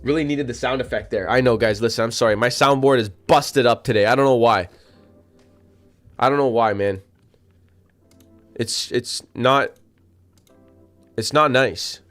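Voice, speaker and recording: Soft music plays behind a man of medium pitch who speaks unhurriedly, pausing often, in a fairly bright tone. He hosts a live trading stream, chatting with his audience in loose, slangy, repetitive language and hiccuping at times.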